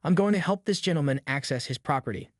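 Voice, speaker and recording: A man voicing a weathered older male locksmith who talks in a calm, professional way, in a narrated story. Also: a little high, quick pace, no echo, clean studio sound. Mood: calm puzzled.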